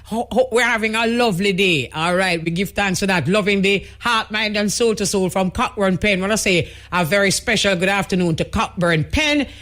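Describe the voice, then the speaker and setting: A woman's voice: medium pitch, moderate pace, few pauses, fairly bright tone. A woman with a Jamaican accent hosting a radio show, reading out listener messages in a chatty, easygoing way. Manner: chatty, easygoing, with patois greetings. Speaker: radio host. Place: radio studio.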